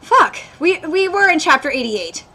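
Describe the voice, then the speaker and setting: A woman's voice: very high-pitched, big pitch swings, moderate pace, sharp tone. A woman hosting a live anime reaction, ranting with exasperation and swearing freely as she checks details against the manga.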